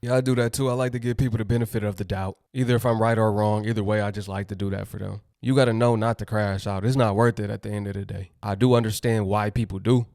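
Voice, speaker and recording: Man, lowish voice, quick blunt slangy talk, dry close sound. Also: fairly even intonation, darkish tone, no room sound. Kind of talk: casual chat.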